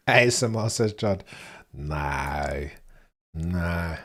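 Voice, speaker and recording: A man's voice: low voice, expressive, drawn-out words, a bit bright. A young man hosting a livestream, chatting casually and joking as he reads comments aloud. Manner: chatty, jokey, laughs often, mutters asides. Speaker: livestream host.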